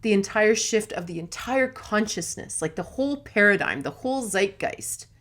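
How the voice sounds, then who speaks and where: A woman's voice: medium pitch, lively intonation, moderate pace, fairly bright tone. Chatty middle-aged lady hosting a live chat, voice swings up and down a lot, keeps saying right?. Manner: chatty, laughs easily, fillers like "like" and "right?". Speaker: host. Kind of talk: casual live talk.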